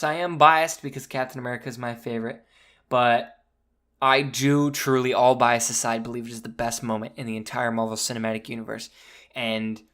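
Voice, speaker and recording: A young man hosting a podcast, talking excitedly and casually about a film, swearing freely and acting out the quoted lines. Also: mid-range voice. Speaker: podcast host. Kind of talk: excited casual movie review monologue.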